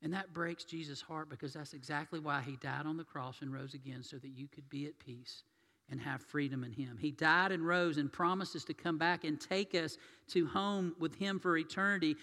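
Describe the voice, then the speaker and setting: Guy preaching a sermon, goes loud then real quiet, big echoey church sound. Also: on the high side. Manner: storytelling, swings between loud and hushed. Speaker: pastor. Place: church sanctuary. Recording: long reverb of a church hall.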